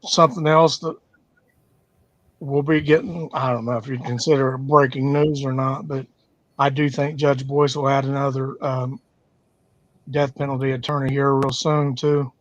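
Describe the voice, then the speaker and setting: A man's voice: mid-range voice, flat delivery, moderate pace, no echo, highs cut off. A man co-hosting a casual livestream chat who talks in a laid-back, frank, plain-spoken way. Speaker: livestream co-host.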